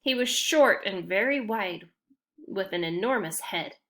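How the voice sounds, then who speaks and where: With a mid-range, fairly bright voice and lively intonation, a woman unhurriedly reads a children's fantasy chapter as an audiobook narrator. She reads steadily, occasionally restarting a phrase.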